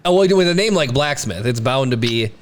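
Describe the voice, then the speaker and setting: A man co-hosting a casual podcast, with a voice of middling pitch. He talks in loose, easygoing banter and teases his co-hosts. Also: lively intonation, fairly quick. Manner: teasing, playful banter. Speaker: podcast co-host. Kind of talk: casual chat.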